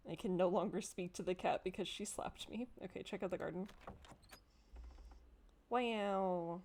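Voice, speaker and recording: A young woman streaming a story game, chatting casually with excitable, jokey, sweary asides. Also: lowish voice, a little slow, pauses often.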